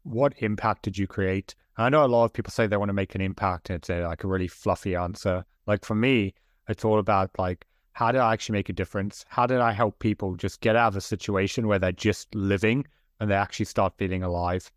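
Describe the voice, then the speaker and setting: A male coach and author with a lowish voice talks earnestly about mindset, peppering his speech with "like." His voice is recorded close and dry. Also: brisk, dry recording. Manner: earnest, motivational, frequent "like". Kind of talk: podcast interview.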